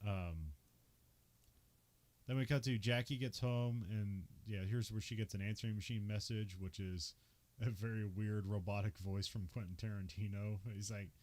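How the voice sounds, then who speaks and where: A man's voice: fairly low pitch, fairly even intonation, normal speed, a little mellow. A young man hosting a podcast, casually recapping a film with lots of filler words and laughs. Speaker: podcast host. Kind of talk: casual movie recap chat.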